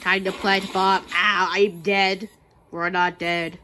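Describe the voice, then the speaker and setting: A woman giving an excitable, playful voice-over for a game, jumping from low mutters to sudden shouts. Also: slow, slight background noise. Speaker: gameplay voice actor.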